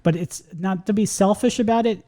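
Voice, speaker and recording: Fast-talking New York man, mellow voice. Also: sits high. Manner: fast-talking, animated storyteller, laughs often. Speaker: podcast host. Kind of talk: casual podcast chat.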